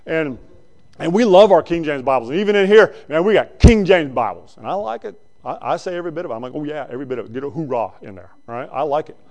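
A male preacher giving a conversational sermon that swings between loud bursts and quiet asides. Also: fairly high pitch, expressive, fast talker.

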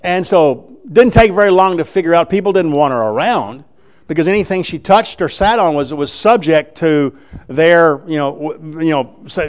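Male preacher, slightly high and smooth, folksy sermon delivery with dramatized scripture. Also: moderate pace. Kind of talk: sermon, Bible exposition.

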